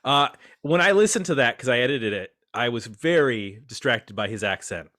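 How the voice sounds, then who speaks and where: A man's voice: medium pitch, lively intonation, normal speed, pushed and bright. A man hosting a casual podcast roundtable, chatty and self-deprecating as he introduces his guests. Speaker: podcast host.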